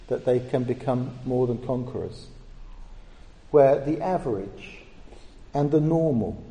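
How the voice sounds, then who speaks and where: A man's voice: medium pitch, warm tone. A man preaching a sermon in a church, earnest and emphatic, lifting his voice on key words. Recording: echoey church hall.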